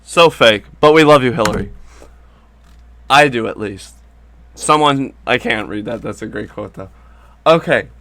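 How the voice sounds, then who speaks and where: A man's voice: mid-range voice, pushed and bright, no room sound. A man hosting a crude, comedic commentary video, rambling and sarcastic, with frequent swearing. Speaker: commentary host.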